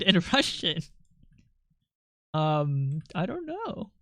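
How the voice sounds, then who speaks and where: Streamer, casual stream chat while drawing, rambling, playful, smooth voice, dry close mic. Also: medium pitch, huge pitch swings, takes it slowly, pauses often, fairly bright tone, no room sound. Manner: rambling, playful, many fillers.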